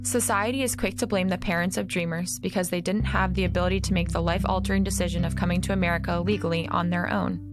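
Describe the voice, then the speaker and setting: A woman's voice: on the low side, steady tone, fast, few pauses, over music. A woman narrating a podcast in a polished, scripted read.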